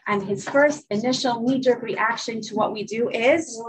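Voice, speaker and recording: A woman's voice: on the high side, moderate pace, noisy background. A woman teacher reading a children's story aloud to her class, then teaching and checking in with students. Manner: lively, checks in with students often. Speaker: religious studies teacher.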